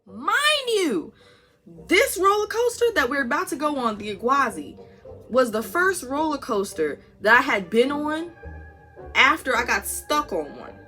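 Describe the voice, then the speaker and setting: A young woman tells a wild story straight to camera, slipping into the voices of everyone in it. Her voice is bright and swings widely in pitch. Faint music plays behind her. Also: measured pace. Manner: animated storytelling, acting out voices. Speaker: vlogger. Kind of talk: storytime vlog.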